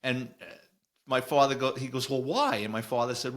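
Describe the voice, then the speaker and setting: A man's voice: mid-range voice, animated, moderate pace, pushed and bright. A middle-aged man with a New York accent hosting a podcast as a retired cop, reading news and telling blunt, chatty stories. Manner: blunt, storytelling, chuckles while reading. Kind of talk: casual chat reading and commenting on news.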